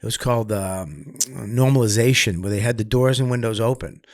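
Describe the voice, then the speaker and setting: A man's voice: fairly low pitch, a little fast, no room sound, clean studio sound. Profane man telling stories. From Massachusetts, US. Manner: profane, animated, acts out quotes loudly. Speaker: guest comedian. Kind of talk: candid storytelling interview.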